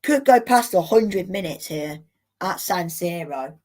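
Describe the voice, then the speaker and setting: A woman hosting a live football watchalong, commenting in an excitable, exclamatory way with indignant rants. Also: on the low side, unhurried. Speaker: watchalong host.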